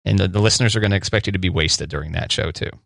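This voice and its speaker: A man co-hosting a radio show, teasing his partner and answering with quick short replies. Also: sits low, creaky, a bit bright, no echo, clean studio sound. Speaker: radio co-host. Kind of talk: morning radio show chat.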